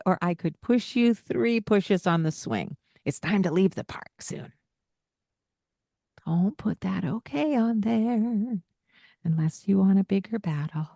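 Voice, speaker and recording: A woman's voice: medium pitch, vocal fry, dark tone, no room sound, studio quality. A woman hosting a parenting podcast in casual chat, laughing often and acting out the lines a parent might say.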